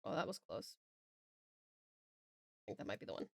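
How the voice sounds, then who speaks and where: A young Australian woman streams while drawing, reading chat aloud and chatting in a bubbly, giggly way at normal speed. She greets viewers with pet names. The recording is dry, with clean studio sound.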